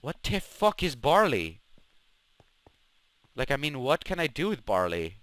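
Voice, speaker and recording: A young man narrates his gaming session in casual commentary. His voice is bright and swings up and down a lot. He grumbles, swears freely and mocks the enemies he fights. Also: on the high side, lively intonation, a little slow, dry recording. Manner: swears freely, grumbles and trash-talks mobs. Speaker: gaming channel host. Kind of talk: Minecraft let's play commentary.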